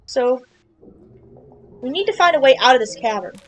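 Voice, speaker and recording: A woman with a high, bouncy voice talks through a video game, chatty and jokey, often breaking into exclamations. A faint hiss runs under the recording. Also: expressive, moderate pace, poor audio. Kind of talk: casual game playthrough commentary.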